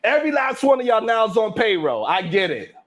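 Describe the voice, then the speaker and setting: Boastful, trash-talking live stream host. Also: male voice, sits high, very animated, fairly quick. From Brownsville, Brooklyn. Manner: loud, boastful, trash-talking, curses freely. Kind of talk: hyped live stream rant.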